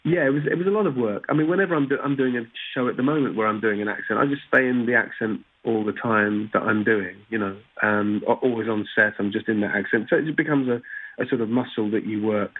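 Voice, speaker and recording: A man's voice: fairly low pitch, fast talker. A man from Britain, an actor guest chatting in an interview, often restarting his sentences with "you know". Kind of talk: casual interview chat. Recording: tinny phone-like remote line.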